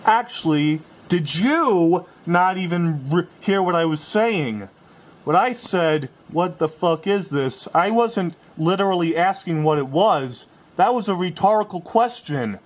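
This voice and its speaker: Man in a video clip, slightly high voice, swearing, sarcastic rant. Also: animated, measured pace. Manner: profane, sarcastic ranting. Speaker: video creator being rebutted.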